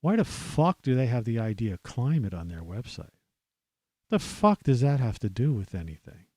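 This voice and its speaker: A man's voice: medium pitch, sing-song, moderate pace, dark tone, no room sound. American male podcast host, angry rambling rant, heavy swearing, dry close sound. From United States. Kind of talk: profane ranting monologue.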